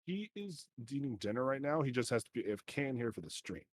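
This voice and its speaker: Canadian guy running a d&d stream, swears a lot, husky, really lively voice. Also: mid-range voice, fast, dry recording. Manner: animated, swears freely, laughs often. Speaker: game master. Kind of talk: casual chat before a tabletop game stream.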